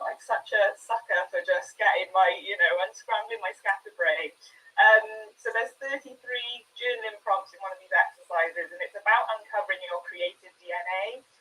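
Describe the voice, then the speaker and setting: A woman's voice: mid-range voice, sharp tone, recorded from a distance, a little hiss or hum, poor audio. A woman with a Welsh accent chatting enthusiastically on a video call as a sewing panelist. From Wales. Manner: chatty, enthusiastic, self-deprecating. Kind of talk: casual video-call chat.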